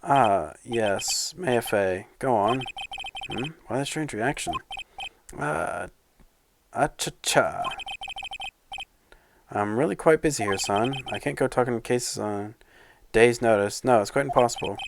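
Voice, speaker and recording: A man's voice: medium pitch, slow, vocal fry, pauses often, background noise. A man voicing a pompous, evasive older male lawyer in a video game.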